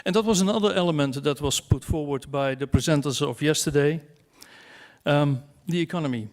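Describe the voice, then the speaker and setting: A man addresses a conference audience with a slightly raised pitch. He talks in a wry, self-mocking way, throwing in asides and rhetorical questions. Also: fairly quick. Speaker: conference speaker. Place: conference hall.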